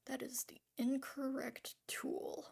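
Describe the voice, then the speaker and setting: A woman's voice: high-pitched, level tone, takes it slowly, gravelly, darkish tone, husky, whispered. A woman ranting casually on camera about making art, rambling and swearing, full of restarts and trailing fillers. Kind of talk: casual spoken rant.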